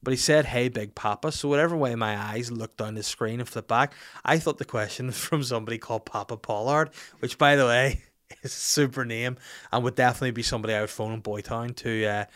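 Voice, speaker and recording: A man's voice: medium pitch, a little fast, fairly bright tone. Swearing, jokey man host. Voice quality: swears freely, blunt and jokey. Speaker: podcast host. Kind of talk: casual podcast chat, reading listener questions.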